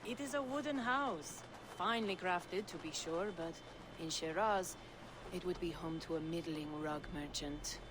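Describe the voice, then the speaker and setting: A man's voice: sits high, unhurried, background noise. An actor playing a dry, teasing old male merchant in a video game. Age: older. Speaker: trader. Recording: game audio over loud city ambience.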